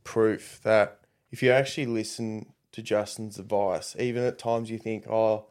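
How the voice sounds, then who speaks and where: A man casually recounting a story, rambling and animated when quoting others. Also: lowish voice, a little slow, smooth.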